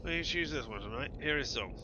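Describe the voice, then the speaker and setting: A man's voice: medium pitch, expressive, fast, noisy background, pitched above the performer's own voice, lightly acted. A man voicing a lonely male fish who sings, pleading to be hooked and cooked. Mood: longing. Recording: dull muffled audio with game music.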